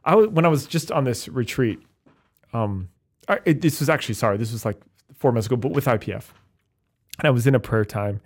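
Fast-talking priest in casual chat. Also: male voice, medium pitch. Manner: fast, animated, many fillers. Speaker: Catholic priest, podcast co-host.

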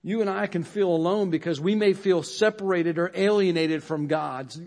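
A man preaching as pastor at a service, earnest and building phrase on phrase, with his voice dropping low at the end of lines. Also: normal speed, a little mellow. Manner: earnest, repeats phrases for emphasis, drops low at line ends. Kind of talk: sermon.

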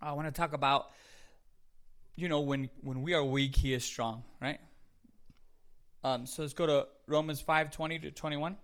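A man's voice: a little high, fairly even intonation, moderate pace. A man giving a casual, chatty sermon, joking and correcting himself as he goes. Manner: chatty, jokey, self-correcting, laughs at himself. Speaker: preacher.

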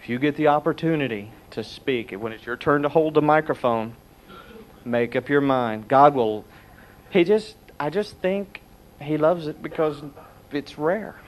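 A man's voice: fairly high pitch, a little slow, slight background noise. A middle-aged man preaching a sermon, telling stories and acting out the voices he quotes. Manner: animated storytelling, acts out quotes.

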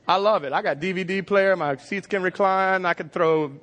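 A man, preaching a lively, joking sermon and acting out scenes. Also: high voice, moderate pace. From Texas. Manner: energetic, joking, acts out scenes in voices. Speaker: pastor. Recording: long hall reverb.

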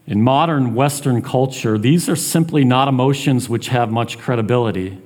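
Man, sermon, earnest, conversational, mid-pitched voice. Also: normal speed, darkish tone. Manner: earnest, conversational, acts out taunts in a raised voice. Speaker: preacher.

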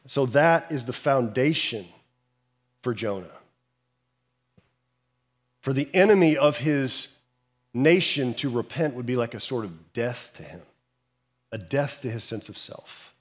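A man preaching a sermon, telling a Bible story with animated storytelling and acting out the characters' lines. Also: mid-range voice, measured pace, long pauses, breathy edge. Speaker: pastor.

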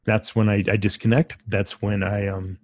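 A man hosting a podcast, speaking with heartfelt emotion and pausing often, as if searching for words. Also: lowish voice, level tone. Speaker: podcast host. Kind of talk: casual conversation.

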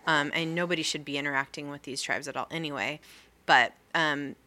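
A woman's voice: deep voice, steady tone, a little fast, bright, forceful tone. A woman co-hosting a casual podcast chat, explaining a topic at length with many fillers and restarts. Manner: rambling, filler-heavy explaining. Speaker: podcast co-host.

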